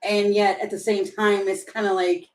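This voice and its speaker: A woman's voice: mid-range voice, flat delivery, normal speed, a little mellow, slight background noise, low-quality recording. A woman giving a casual tarot reading, chatty and giggly, thinking aloud as she turns the cards. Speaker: tarot reader.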